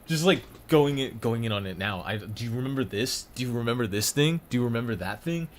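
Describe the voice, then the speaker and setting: A man's voice: medium pitch, animated, fairly quick, a little hiss or hum. Rambling, profane young man streaming. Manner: rambling, profane, laughing often. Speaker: streamer ranking comedians. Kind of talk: casual live-stream commentary.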